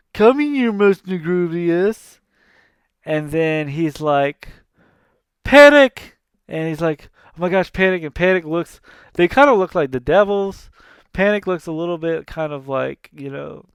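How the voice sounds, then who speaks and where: A man's voice: fairly high pitch, clean tone, no echo, studio quality. A man in his thirties hosting a podcast, retelling a cartoon in a casual, rambling way that keeps correcting itself. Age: 30s. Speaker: podcast host.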